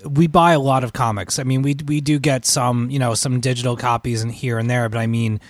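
A man's voice: mid-range voice, steady tone, brisk, no room sound. A man co-hosting a comics podcast, talking casually in long, winding, hesitant sentences and poking fun at himself. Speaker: podcast co-host. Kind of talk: casual chat.

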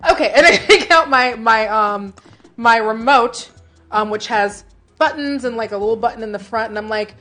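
A giggly woman plays a tabletop game, joking and laughing through her turns. Her voice sits a bit high. Faint music plays behind. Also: normal speed, bright, forceful tone. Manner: giggly, playful. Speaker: player. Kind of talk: casual tabletop play.

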